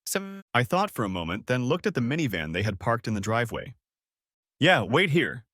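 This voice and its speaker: Expressive male story narrator. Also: mid-range voice, fast talker, dry recording, studio quality. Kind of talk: scripted first-person story narration.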